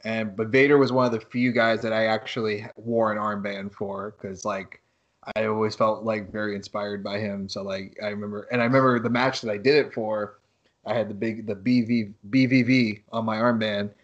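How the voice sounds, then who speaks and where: A man hosting a podcast, talking in casual, animated chat and swearing freely. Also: lowish voice, moderate pace, highs cut off. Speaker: podcast host, wrestler.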